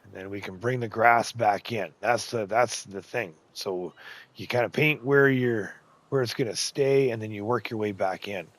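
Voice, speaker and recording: Chatty excitable man narrating a game build. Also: on the low side, moderate pace, no room sound. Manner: chatty, excitable, talks to himself while building. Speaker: gaming channel host. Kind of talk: casual game tutorial commentary.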